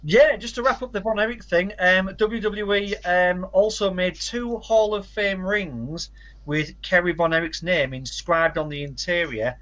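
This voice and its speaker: A man's voice: high-pitched, measured pace, fairly bright tone, lo-fi sound. A man co-hosting a casual podcast, rattling off facts and titles with dry asides. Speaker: podcast co-host.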